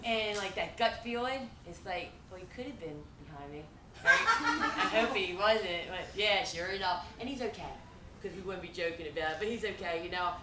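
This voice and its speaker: A woman with a medium-pitched voice speaks at normal speed as she tells rambling stand-up stories at an event venue, laughing through them. The room is echoey, she's far from the mic, and there's loud noise.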